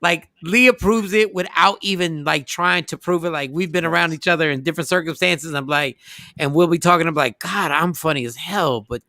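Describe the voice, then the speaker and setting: A man hosting a morning radio show, joking and telling animated stories in casual banter. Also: fairly high pitch, moderate pace, dry recording.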